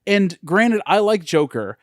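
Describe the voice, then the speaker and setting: A man's voice: sits high, sing-song, unhurried, no echo, studio quality. A man co-hosting a casual podcast chat, blunt and emphatic, swearing freely. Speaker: podcast co-host.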